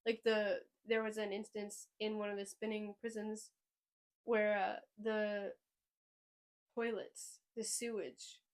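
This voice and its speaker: A woman hosting a podcast in casual chat, rambling and excitable, often trailing off mid-sentence. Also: mid-range voice, takes it slowly. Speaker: podcast host.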